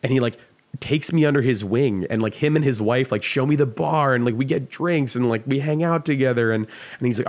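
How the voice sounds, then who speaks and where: A man's voice: medium pitch, brisk. A man guesting on a podcast, telling a long casual story full of "like" fillers and the odd swear word.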